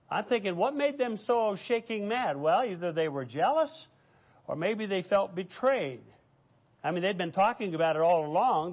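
Pastor preaching with animated storytelling. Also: male voice, sits high. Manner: animated storytelling, acting out quoted voices. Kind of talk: sermon.

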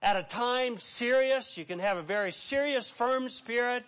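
A man with a high voice preaching a sermon from the pulpit. He reads scripture aloud and acts out quotes with dramatic swings between soft and strong. His delivery is earnest and preachy. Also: normal speed. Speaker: pastor.

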